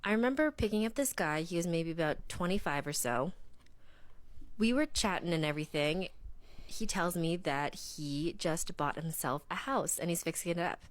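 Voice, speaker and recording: A woman who drives for a rideshare service, telling a story in a brisk, wry way. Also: on the low side. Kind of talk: storytelling to camera.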